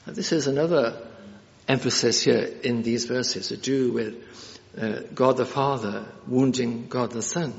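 A man's voice: mid-range voice, unhurried, vocal fry. A man preaches an earnest expository sermon, returning to key phrases again and again. He hesitates often with filler sounds between points. The recording is dull and lo-fi, with long reverb from a church hall.

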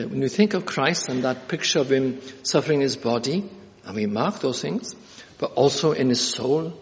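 Earnest preacher, long hall reverb. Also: male voice, medium pitch, highs cut off. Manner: earnest, repeats key phrases for emphasis; frequent filler hesitations. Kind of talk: expository sermon.

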